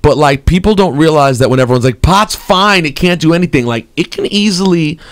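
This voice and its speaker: A man's voice: fairly high pitch, animated, fairly quick, no room sound, clean studio sound. A man hosting a casual morning radio show, telling a story in a joking way and doing the voices of the people in it. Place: radio studio.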